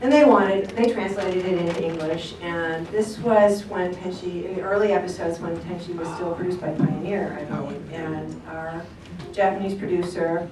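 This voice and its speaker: A voice actress on a convention panel, telling a story to an audience with frequent laughter. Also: female voice, fairly low pitch, steady tone, normal speed, crowd noise. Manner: chatty storyteller, laughs often. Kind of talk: anecdote told to an audience. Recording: echoey hall, distant mic, background noise.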